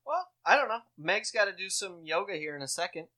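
A man, co-hosting a podcast in casual chat, telling jokey stories with lively swooping emphasis. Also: high voice, a little fast. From Midwestern United States. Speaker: podcast co-host.

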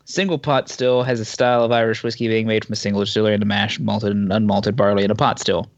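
A man's voice: on the low side, level tone, fast talker, no room sound, dull audio. A man co-hosting a casual talk show, reading news aloud with small slips and asides. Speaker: podcast co-host.

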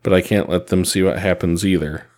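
A man's voice: low voice, fairly even intonation, fairly quick. A man voicing a blunt, hard-edged young male swordsman in a read-aloud story, curt and defiant.

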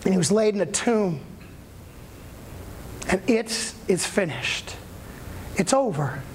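A pastor preaching in a conversational, animated way, retelling a story and checking in with the audience. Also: mid-range voice, slow pace, a little hiss or hum. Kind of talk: sermon.

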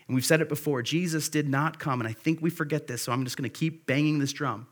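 A man's voice: fairly high pitch, fairly even intonation, fast. A man preaching a sermon at a church service, earnest and conversational, repeating key phrases for emphasis. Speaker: pastor.

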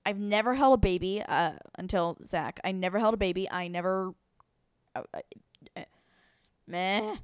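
A woman's voice: mid-range voice, normal speed, clean tone, dry recording, studio quality. A young woman co-hosting a casual podcast, talking in an anxious, self-deprecating, rambling way. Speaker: podcast co-host. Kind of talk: casual chat.

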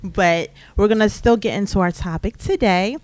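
A woman's voice: medium pitch, moderate pace, a little mellow, no room sound. A woman hosting a casual podcast, upbeat and friendly, who laughs easily while chatting on a couch at home. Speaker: podcast host. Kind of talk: casual chat. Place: living room couch in a home.

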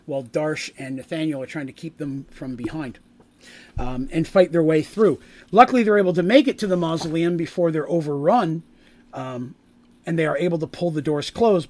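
A man narrating a tabletop game as game master, rambling with many fillers and restarts, and lifting his voice for dramatic scene-setting. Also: a little mellow. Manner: rises in pitch and volume for dramatic scene-setting.

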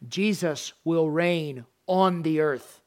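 A middle-aged man preaching a sermon, animated, acting out parents and children in raised voices. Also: on the high side, slow. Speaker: pastor.

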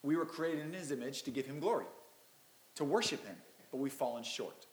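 A man's voice: mid-range voice, animated, brisk, reverberant. A man preaching a Christmas sermon as pastor, reading scripture and breaking in with casual, self-deprecating asides.

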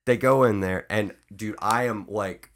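A man co-hosting a podcast in a studio, chatting casually and excitedly, swearing and saying dude a lot. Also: lowish voice, unhurried. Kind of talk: casual chat.

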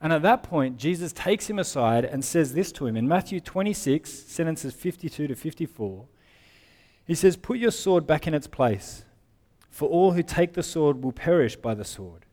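A man's voice: fairly high pitch, animated, normal speed, darkish tone. A man with a slightly raised voice preaches to a congregation, reading scripture aloud and unpacking it in plain, conversational terms. His words ring out through a church hall with a long reverb tail. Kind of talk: sermon.

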